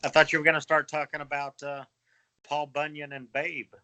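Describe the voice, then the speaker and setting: A man's voice: a little high, little pitch movement, moderate pace, pushed and bright, smooth, rough recording. Easygoing Texas man, radio guest. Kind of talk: casual interview.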